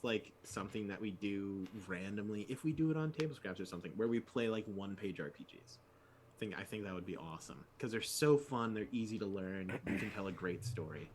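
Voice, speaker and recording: Animated ranting man. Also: slight background noise. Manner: animated ranting storyteller, jumps up in pitch when exasperated. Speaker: podcast co-host. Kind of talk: casual chat.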